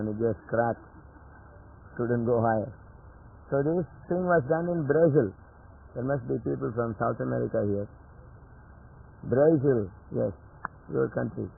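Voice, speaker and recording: A man's voice: medium pitch, creaky, a little hiss or hum. A man giving a devotional scripture lecture in a chatty storytelling way, chuckling at his own jokes, heard on a tinny lo-fi 1980s tape.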